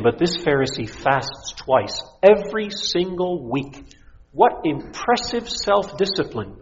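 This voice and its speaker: A middle-aged pastor delivers a sermon, his somewhat high voice swelling with intensity and slipping into mocking impressions. The recording is dull and lo-fi, with a muffled top end. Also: in a large hall.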